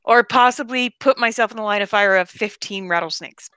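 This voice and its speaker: Casting note: chatty woman, bright and forceful tone, dry close sound. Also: medium pitch, fairly quick, smooth, dry recording. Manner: blunt, joking, chatty. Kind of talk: casual chat.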